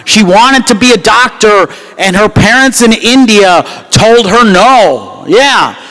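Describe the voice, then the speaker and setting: A man from the United States performing a loud, self-mocking stand-up comedy set at a gala banquet. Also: sits high, expressive, slow pace, rough recording. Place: gala banquet hall with live crowd.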